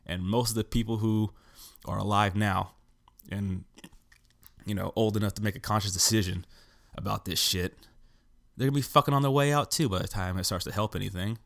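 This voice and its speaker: A man's voice: fairly low pitch, a little fast, gravelly, long pauses, a bit bright. A young man hosting a podcast, ranting bluntly in a casual, profane way. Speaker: podcast host. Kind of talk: casual rant.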